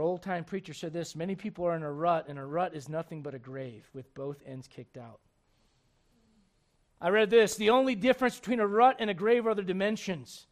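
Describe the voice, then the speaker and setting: High-voiced male preacher. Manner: conversational preaching, swinging between loud emphasis and hushed asides. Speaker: pastor. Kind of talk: sermon.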